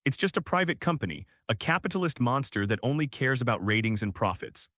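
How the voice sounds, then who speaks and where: Man voicing a stern spy chief, commanding, forceful, dry close sound. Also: medium pitch, big pitch swings, brisk, no room sound.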